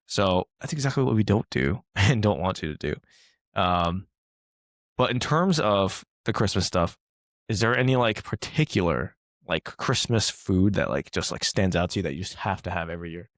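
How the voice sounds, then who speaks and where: Brief: male fitness coach co-host, low-ish voice, loose filler-heavy chat, dead dry mic. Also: animated, normal speed, fairly bright tone, dry recording. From Taiwan. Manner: rambling, filler-heavy, laughs often. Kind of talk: casual podcast chat.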